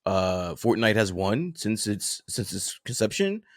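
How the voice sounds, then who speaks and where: A man's voice: lowish voice, very animated, a little slow, dry recording, clean studio sound. A man co-hosting a casual podcast chat, talking bluntly and heatedly, often repeating words as he pushes a point. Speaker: podcast co-host.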